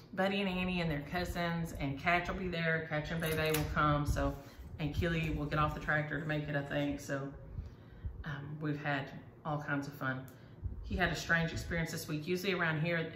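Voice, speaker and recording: A woman's voice: sits low, steady tone, moderate pace, a bit bright. A middle-aged woman, chatting casually and enthusiastically as she shows her needlework. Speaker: needlework vlogger. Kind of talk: casual chat. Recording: echoey room, faint ambient noise.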